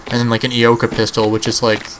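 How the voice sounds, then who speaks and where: A man's voice: medium pitch, monotone, fast, a bit bright, a little hiss or hum, poor audio. A man in his early twenties giving casual, rambling gameplay commentary as a channel host, swearing offhandedly. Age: early 20s.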